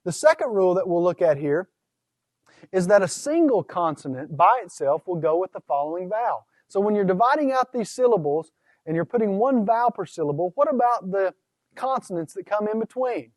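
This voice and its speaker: High-voiced man teaching syllable rules. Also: expressive, darkish tone, dry recording, clean studio sound. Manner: methodical, sounds out syllables slowly. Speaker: Greek instructor. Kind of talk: recorded lecture on pronunciation.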